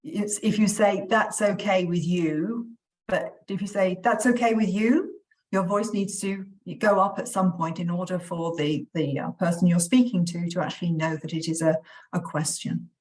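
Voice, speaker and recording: A woman's voice: lowish voice, fairly even intonation, moderate pace, darkish tone, recorded from a distance, rough recording. A woman on an online panel who explains her point hesitantly, with many fillers.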